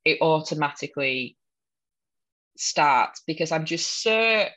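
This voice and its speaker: A woman's voice: deep voice, expressive, takes it slowly, fairly bright tone, muffled recording. A young woman from Hull with a Hull accent, chatting casually and laughing often with wry humour. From Hull, England. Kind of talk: casual chat.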